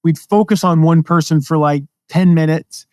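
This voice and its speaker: A man from the American Midwest and South with a mostly neutral accent, hosting a podcast and teaching in a casual, energetic, conversational way. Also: fairly high pitch, moderate pace, clean tone, dry recording, studio quality. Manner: energetic, conversational, jumps into quoted voices. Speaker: podcast host, affiliate marketing teacher.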